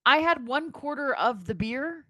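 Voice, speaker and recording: Joking, animated woman in her thirties. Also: high voice, dry recording. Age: 30s. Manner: animated, joking, quick to tease. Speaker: podcast co-host. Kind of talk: casual chat.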